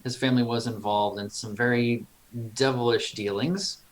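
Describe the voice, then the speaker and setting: Steady man describing his moves. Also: mid-range voice, moderate pace, poor audio. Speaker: player. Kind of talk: casual tabletop play.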